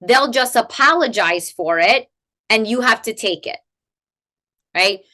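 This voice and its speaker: A woman guest expert explaining in a conversational interview, animated and peppered with "like" and "right?" tags. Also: fairly high pitch, a little slow. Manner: animated, rhetorical "right?" tags, many "like" fillers. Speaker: guest expert in family coaching.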